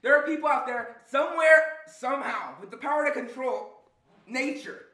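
A man's voice: very high-pitched, normal speed, bright, forceful tone, recorded from a distance. A young man playing someone who is convinced he is being watched, talking in an agitated rant, recorded in an echoey room away from the mic. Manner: agitated, ranting.

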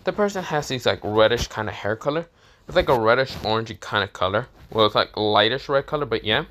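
A man's voice: medium pitch, pushed and bright, a little hiss or hum. A man casually narrating a fan story, rambling with many fillers and casual swearing.

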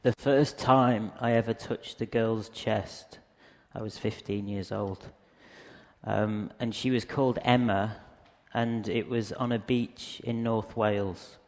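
A man's voice: lowish voice, fairly even intonation, slow, a little mellow. A man giving a casual, rambling lecture with slides, hesitating often with ums, speaking into a microphone in a museum lecture hall. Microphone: handheld or stand microphone.

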